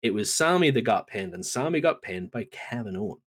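Animated man recapping wrestling. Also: on the low side, a little fast. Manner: animated storytelling, acts out quotes. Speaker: podcast co-host. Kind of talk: casual wrestling recap chat.

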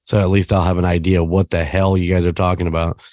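A man's voice: low-pitched, flat delivery, fast, darkish tone, dry recording, studio quality. A man hosting a podcast from home, chatting casually and rambling with frequent laughs. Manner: rambling, laughs often, restarts. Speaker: podcast host. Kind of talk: casual chat. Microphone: remote call setup.

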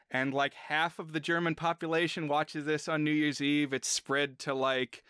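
A man's voice: fairly high pitch, pushed and bright, clean tone, no echo, clean studio sound. A man co-hosting a podcast in casual chat, retelling scenes from a comedy sketch. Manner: retells sketch scenes, briefly mimicking lines. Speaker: podcast co-host.

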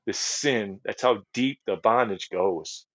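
A man's voice: fairly low pitch, slow pace, no echo. Earnest middle-aged man telling his testimony. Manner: earnest storyteller, repeats phrases, many fillers and restarts. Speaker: guest ministry leader. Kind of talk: personal testimony in a podcast chat. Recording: dry, slightly dull podcast audio.

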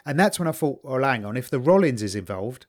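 A man's voice: mid-range voice, sing-song, a little fast. A man from the UK co-hosting a casual podcast chat, rambling through a story with wry asides. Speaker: podcast co-host.

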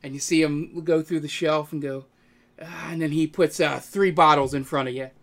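Young man running a tabletop game, halting. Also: on the high side, fairly even intonation, a bit bright. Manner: hesitant, many ums and uhs. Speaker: game master.

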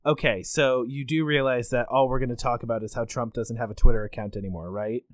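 A man's voice: medium pitch, fairly even intonation, fast talker, no echo. A man co-hosting a podcast, talking in a laid-back, wry way. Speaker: podcast co-host. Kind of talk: casual chat.

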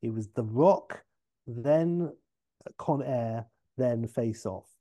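A man's voice: medium pitch, drawn-out words, mellow. A man co-hosting a movie podcast, rambling chattily with asides. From England. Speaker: podcast co-host. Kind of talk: casual podcast chat.

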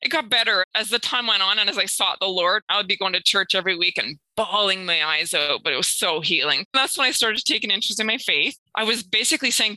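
Lively woman telling her story. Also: mid-range voice, fast, hardly any pauses, no room sound, low-quality recording. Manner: lively, acts out quotes with laughs and sighs. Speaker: guest sharing a faith testimony. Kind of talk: personal storytelling in an interview.

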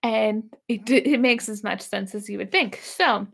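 A woman's voice: medium pitch, a little slow, vocal fry, fairly bright tone. A woman co-hosting a casual podcast chat, recapping a TV episode with sarcasm and frequent laughter. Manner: sarcastic, laughing, acts out characters' lines. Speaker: podcast co-host.

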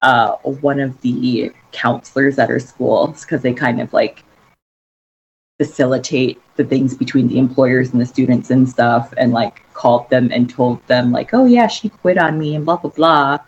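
A young woman casually telling a story with lots of fillers and lively quoted voices. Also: extremely low pitch, normal speed, husky, dull audio. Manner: chatty, filler-heavy, animated quoting of others.

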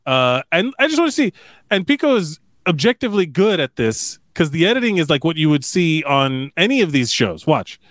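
A young man with a fairly high, very lively voice talks loosely over a video, laughing and tossing in slang. The sound is dry and close, with no room around him. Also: fairly quick, no room sound. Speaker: podcast host. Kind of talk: casual chat reacting to a video.

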